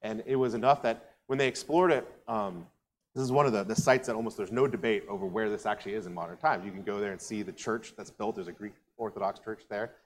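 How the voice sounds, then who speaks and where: A man's voice: lowish voice, quick pace, big-room sound, slight background noise. A man preaching a conversational sermon as a pastor, telling the story casually with frequent asides. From United States. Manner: animated storytelling, acting out quoted voices; casual asides and filler words.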